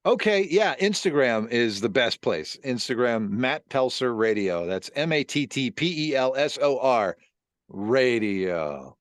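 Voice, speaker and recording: A man who works in radio, chatting as a podcast guest, animated and quick to laugh while acting out quotes. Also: mid-range voice, dry recording, studio quality. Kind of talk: casual chat.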